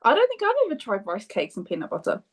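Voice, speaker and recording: A woman's voice: mid-range voice, wildly swooping pitch, fast, a little hiss or hum. An English woman co-hosting a podcast, chatting casually and laughing along. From England. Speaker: podcast co-host. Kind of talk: casual chat.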